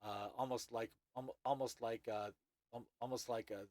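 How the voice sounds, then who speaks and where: A man narrating as game master, halting with many restarts. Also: medium pitch, fairly even intonation, a little mellow, no room sound.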